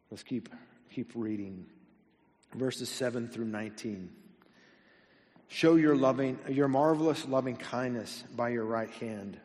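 A male pastor preaching a sermon, reading scripture slowly and adding casual, lightly humorous asides. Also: medium pitch, in a large hall. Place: church sanctuary.

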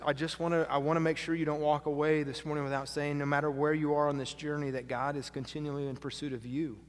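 A man preaching a sermon as pastor, dropping to hushed lines and rising to loud, emphatic ones. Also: fairly high pitch. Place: church sanctuary. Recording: long hall reverb.

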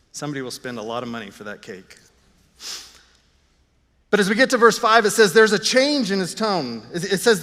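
A man's voice: sits high, sharp tone, long reverb tail. A man preaching a sermon, earnest with self-deprecating asides. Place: church.

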